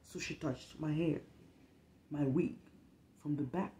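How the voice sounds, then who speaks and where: A woman telling a story from her work with kids in a blunt, profane, animated way, acting out the lines of other people. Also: deep voice, takes it slowly, a little hiss or hum. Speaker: storytime vlogger who works with kids. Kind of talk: casual storytime monologue. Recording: roomy echo.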